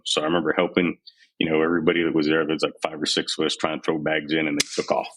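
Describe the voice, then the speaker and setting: A man's voice: a bass voice, completely flat delivery, very fast, a bit bright, poor audio. A man in his forties from San Antonio, Texas, telling his life story frankly as a podcast guest. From San Antonio, Texas, USA. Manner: frank, unguarded, retells scenes in quoted voices. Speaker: podcast guest, army veteran. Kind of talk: candid storytelling interview.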